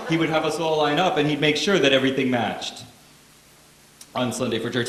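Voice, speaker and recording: A man's voice: a little high, brisk, fairly bright tone, reverberant. A man doing stand-up, telling family stories in a wry, casual and profane way. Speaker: stand-up comedian. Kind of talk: stand-up comedy storytelling.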